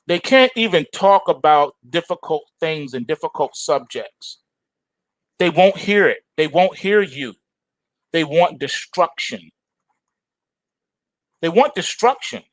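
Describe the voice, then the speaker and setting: A man's voice: sits high, no room sound, low-quality recording. Ranting man with a dry close sound. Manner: forceful, repetitive ranting. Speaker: trading show host. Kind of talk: opinionated monologue.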